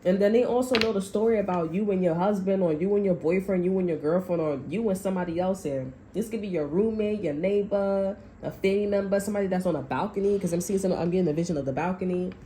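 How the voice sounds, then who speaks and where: A woman's voice: medium pitch, fast talker, few pauses, warm tone, echoey room, a little hiss or hum, rough recording. Blunt, cursing woman tarot reader. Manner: blunt and profane, acts out people's quotes. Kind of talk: casual tarot reading monologue.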